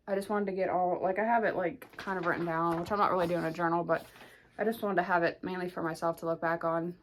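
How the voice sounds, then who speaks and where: A young woman rambling casually through a pregnancy update vlog, full of "like" and restarts, a little out of breath. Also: lowish voice. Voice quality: rambling, filler-heavy with lots of "like". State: slightly out of breath. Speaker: vlogger.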